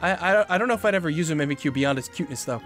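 A man casually chatting while playing a video game, moving from low mumbles to excited outbursts. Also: racing, faint music behind. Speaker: gaming video host. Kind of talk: casual let's-play commentary.

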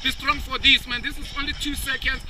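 A man with a very high voice coaches a nervous jumper on an outdoor platform. He repeats calm encouragement, leaning on the word "man," and counts down. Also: a little fast, poor audio. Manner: encouraging, repetitive, calls him "man". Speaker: bungee jump instructor. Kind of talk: coaching pep talk.

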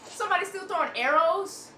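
A woman reacting to a movie for the first time, excitable and slangy, gasping and laughing at what she sees. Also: very high voice, far from the mic. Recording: echoey room, set back from the mic.

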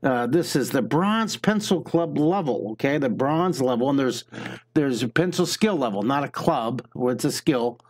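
A man's voice: medium pitch, animated, moderate pace. A man giving a live drawing lesson, chatting with and greeting viewers while he talks through each step. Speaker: drawing teacher.

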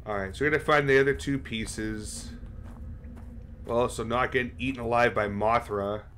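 A man's voice: mid-range voice, fairly even intonation, normal speed, a bit bright, slight background noise. A man live-streaming a horror game, talking casually and swearing as he chats with his viewers. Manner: casual and profane, chatting with viewers.

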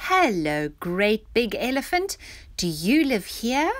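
A woman's voice: a little high, sing-song, slow, voice pushed up. A woman putting on a small curious girl. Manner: bright, eager questions.

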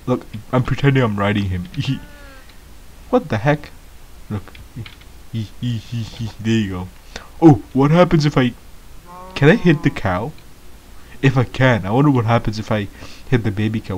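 A man's voice: medium pitch, a little hiss or hum. Giggly man playing a game. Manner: giggly, excitable, baffled. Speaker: first-time gamer. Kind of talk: gameplay commentary.

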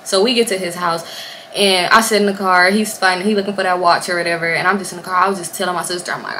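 A young woman vlogger telling a storytime to her camera at home, casual and animated, swearing freely and acting out what people said. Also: medium pitch, quick pace, a little hiss or hum. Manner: animated, swearing, acts out quotes. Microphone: camera or phone on a stand.

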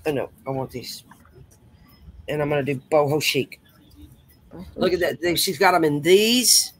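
A woman's voice: low-pitched, normal speed, long pauses, no echo. Chatty woman hosting a craft stream. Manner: chatty, with folksy exclamations. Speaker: host. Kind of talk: casual crafting chat.

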